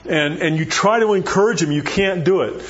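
A man preaching a sermon in a conversational, animated way, acting out Bible dialogue as he goes. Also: high-pitched, normal speed, dull audio, a little hiss or hum.

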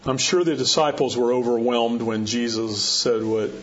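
A man's voice: mid-range voice, moderate pace. A man preaching a sermon in a conversational way, often checking in with his listeners through rhetorical questions. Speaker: pastor. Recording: dull lo-fi sound with faint noise.

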